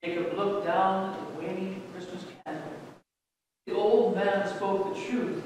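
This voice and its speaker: A man reading a Christmas story aloud during a church service, with gentle, measured storytelling. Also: sits high, slight background noise. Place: church sanctuary. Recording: distant echoey church hall.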